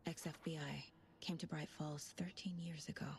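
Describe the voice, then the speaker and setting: An actress voicing a calm, analytical female FBI agent, thinking aloud in a hushed, measured monologue. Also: deep voice, noisy background. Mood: focused. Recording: game audio with loud music behind.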